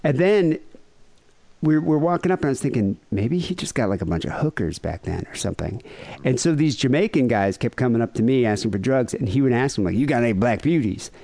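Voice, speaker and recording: A man's voice: mid-range voice, a little fast, creaky, no room sound. A man co-hosting a podcast, telling a rambling, profane story in casual chat. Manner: animated, profane, mimics people in quotes. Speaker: podcast co-host.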